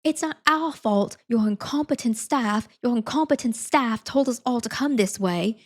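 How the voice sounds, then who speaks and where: A woman's voice: a little high, moderate pace, voice pushed up, lightly acted. A woman voicing an angry British man in an indignant, raised voice, with a British accent.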